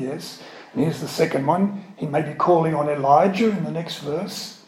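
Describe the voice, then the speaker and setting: A man's voice: a little high, vocal fry, a little mellow, reverberant, poor audio. A man preaching a sermon and explaining words step by step, stopping now and then for asides. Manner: slow, explanatory, with word studies and asides.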